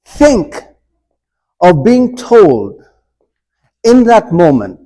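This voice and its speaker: In a church room, a man leads an informal adult forum on the Bible, asking the group questions and humorously acting out scripture dialogue. His high voice is a little mellow with lively intonation, and he speaks at a measured pace with frequent pauses. The recording quality is low.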